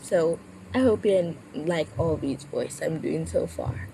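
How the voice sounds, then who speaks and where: A woman's voice: deep voice, slow, creaky. A woman puppeteer chatting casually, with a sore throat from a cold and stumbling over her words. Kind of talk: casual chat. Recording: steady background noise.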